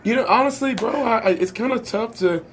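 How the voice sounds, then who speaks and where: A man co-hosting a sports talk show in casual chat, easygoing and quick with short replies. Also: very high-pitched, fairly bright tone, slightly rough.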